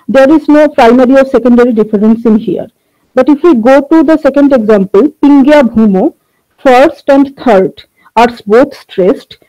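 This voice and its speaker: Mellow-voiced woman presenting research. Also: a little high, lo-fi sound. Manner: measured, frequent "uh" fillers, talks through slides. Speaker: linguistics researcher presenting a paper. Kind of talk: academic conference presentation.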